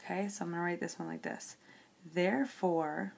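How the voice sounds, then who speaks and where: A woman's voice: lowish voice, normal speed, creaky. A woman teacher working through a logic example on paper, explaining each step and checking in with "okay" as she goes.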